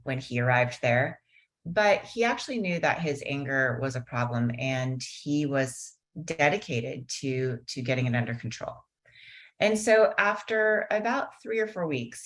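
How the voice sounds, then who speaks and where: A middle-aged woman teaching mindfulness on a video call, telling a story and then slowing into a gentle guided meditation. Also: sits low. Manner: warm storytelling, slows into soft guided meditation. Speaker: mindfulness teacher and guest speaker. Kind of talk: webinar talk with guided meditation.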